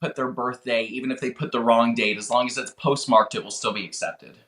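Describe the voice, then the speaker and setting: A man appears as a guest on a political show, answering interview questions as a voter registration organizer in an earnest, urgent, pleading way. His mid-range voice is steady in tone, fast and a bit bright, heard in a reverberant space.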